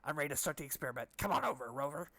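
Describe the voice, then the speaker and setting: A man voicing an impatient, eccentric older male scientist in a storybook reading, speaking slowly and deliberately. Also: a little high, expressive, creaky, bright, forceful tone, no echo, full character voice.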